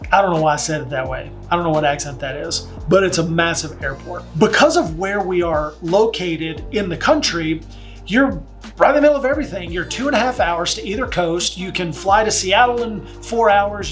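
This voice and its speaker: A man's voice: sits high, a bit bright. A man working as a real estate agent, from Texas, speaking in a casual, chatty vlog style with fillers and asides. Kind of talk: casual talking-to-camera vlog.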